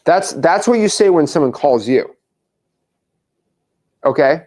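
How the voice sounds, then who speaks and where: Young male coach, slightly high voice, drills a caller line by line, insistent. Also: expressive, darkish tone. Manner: pushy, repeats lines slowly word by word for the caller. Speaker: wholesaling coach. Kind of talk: live coaching call.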